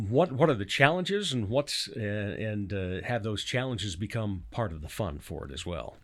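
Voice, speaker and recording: A man hosting an interview show, asking questions in a halting way with lots of fillers, often laughing. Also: lowish voice, animated, fairly bright tone. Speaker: radio show host. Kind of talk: casual interview.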